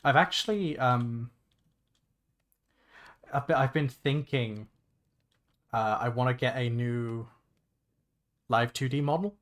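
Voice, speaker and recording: A young man chatting casually on a livestream while he plays a game, rambling and excitable, swearing freely and restarting his sentences. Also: mid-range voice, slow, pauses often. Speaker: VTuber streamer. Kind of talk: casual gaming livestream chat.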